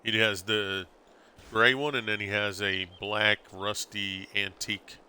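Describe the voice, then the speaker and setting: A middle-aged man chatting casually on a gameplay stream, telling stories in a lively way. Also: on the low side, measured pace, smooth. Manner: animated storyteller, acts out quotes with laughs.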